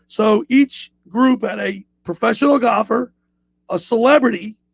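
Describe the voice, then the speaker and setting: A man hosting a casual radio chat, telling animated stories and shouting out quoted lines. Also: very high-pitched, measured pace, gravelly, no room sound. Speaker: radio show host.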